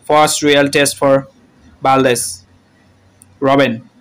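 A man's voice: medium pitch, flat delivery, slow, smooth. A man giving play-by-play football commentary, calling out player names in short bursts and raising his voice at goals. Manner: terse name-calling play-by-play, shouts at goals.

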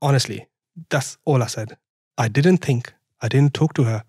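A man's voice: medium pitch, normal speed, darkish tone, slightly rough, no echo, studio quality. A young man, a podcast guest chatting through a personal story and laughing often. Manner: chatty, laughs often while telling stories. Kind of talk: casual storytelling in an interview.

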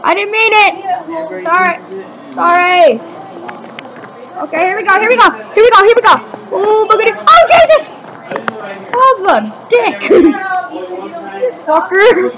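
A woman giving casual gameplay commentary as a channel host, excitable, shouting and swearing at other drivers. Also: sits high, poor audio. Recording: light background noise.

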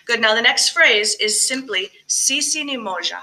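Recorded alone for virtual choir practice, a woman leads a rehearsal, coaching on diction and breathing and singing short phrases between spoken tips. Her voice is on the high side, animated, pushed and bright, at a moderate pace, and the recording quality is low.

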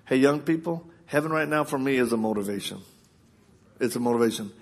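A man's voice: mid-range voice, a little fast, husky. A man preaching a live sermon, telling personal stories with laughs, then urging the crowd directly. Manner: lively storyteller who laughs often and acts out quotes.

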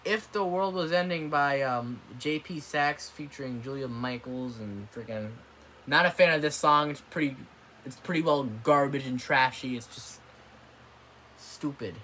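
A vlogger rants on video from an apartment room, recorded on a tablet microphone with a little hiss or hum. His mid-range voice is a little slow, bright and forceful as he vents bluntly and dismissively, swearing and getting worked up.

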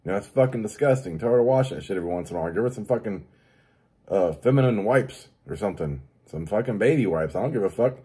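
A man's voice: lively intonation, fast talker, dark tone, husky. A man hosting his own show, ranting crudely with constant swearing and mocking impressions of other people. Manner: rants about daily annoyances, mimics others in high voice. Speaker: show host. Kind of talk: profane comedic rant.

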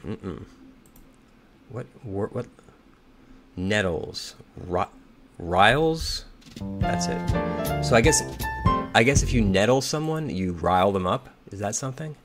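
A slightly hoarse man thinking aloud as he solves a crossword, reading clues and muttering and second-guessing his answers. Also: on the low side, expressive, takes it slowly, long pauses, faint music behind. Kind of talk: thinking aloud while solving.

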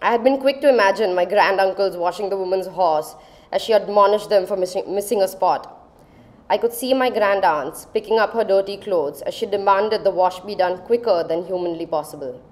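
A woman, telling a personal story on stage in a dramatic, measured way. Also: mid-range voice, a little mellow. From India. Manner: dramatic, measured, lingering on phrases. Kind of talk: live storytelling performance.

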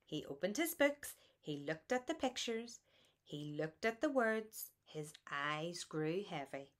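A woman reading a children's bedtime picture book aloud in a soft, soothing, lilting way. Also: lowish voice, big pitch swings, slow pace. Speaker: storybook reader.

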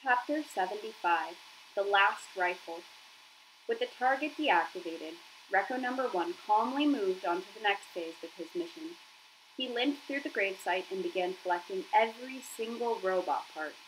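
A woman narrates a children's novel aloud with expressive storytelling. Her voice sits at a middle pitch for a woman, with a faint noise floor in the background. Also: normal speed, poor audio.

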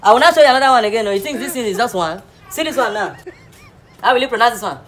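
A man's voice: extremely high pitch, lively intonation, very fast, fairly bright tone. Mock-earnest Nigerian man lecturing. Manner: mock-earnest, repeatedly checking the class follows. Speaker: comic teacher. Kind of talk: comedy skit lecture.

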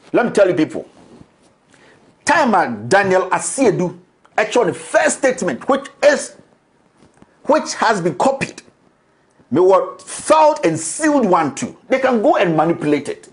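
A man's voice: high voice, big pitch swings, normal speed. A Ghanaian man with a Ghanaian accent, giving a defiant public statement and switching between English and Twi.

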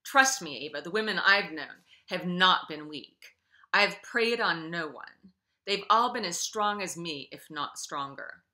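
An indignant young male French revenant, as a woman reads him aloud, defensive and exasperated. His voice swings widely in pitch and rings bright. It is a storybook reading, told plainly. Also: animated, unhurried.

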